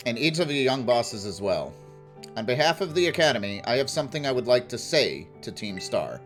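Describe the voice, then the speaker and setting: A man's voice: medium pitch, very animated, brisk, fairly bright tone, soft background music. A man voicing a formal, old-fashioned male school director while reading game dialogue aloud.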